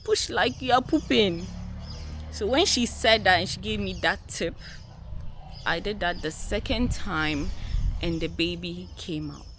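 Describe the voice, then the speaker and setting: A woman's voice: on the low side, measured pace, noisy background. A woman vlogger telling a personal story to her viewers in an emphatic way, repeating key words and calling them guys.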